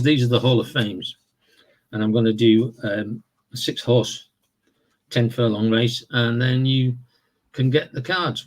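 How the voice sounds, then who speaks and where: A man casually walking through the rules of a horse racing board game, explaining in a relaxed, rambling way with fillers and self-corrections. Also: on the low side. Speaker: tabletop game reviewer. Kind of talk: casual tabletop game walkthrough.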